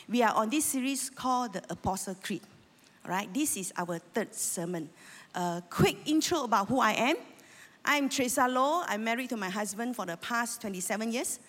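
A woman in her fifties with a Malaysian English accent, preaching a sermon in a church with earnest, emotional fervor and rallying calls to the congregation. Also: fairly high pitch. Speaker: lay preacher. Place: church sanctuary. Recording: long reverb of a church hall.

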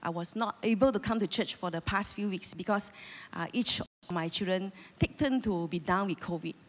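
A woman's voice: medium pitch, normal speed. A woman in her fifties with a Malaysian English accent, preaching a sermon in a church with earnest, emotional fervor and rallying calls to the congregation. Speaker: lay preacher. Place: church sanctuary. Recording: long reverb of a church hall.

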